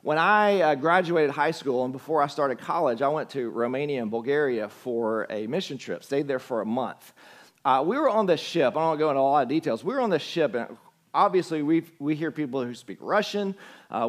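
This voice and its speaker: A young pastor with a Southern US accent delivers a sermon in a relaxed, storytelling way. His voice sits a little higher than most men's, and he talks to the congregation as if chatting with friends. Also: brisk. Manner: conversational storytelling.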